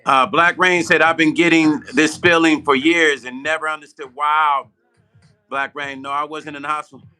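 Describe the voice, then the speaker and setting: A man's voice: a little high, little pitch movement, normal speed, pushed and bright, clean tone. A man hosting a live stream as a music producer. He chats loosely with viewers, repeats himself for emphasis and laughs at his own slips.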